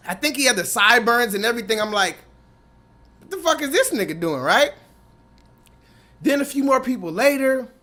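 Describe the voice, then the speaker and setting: A male host giving a profane, emphatic, animated commentary rant. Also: high voice. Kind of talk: ranting commentary.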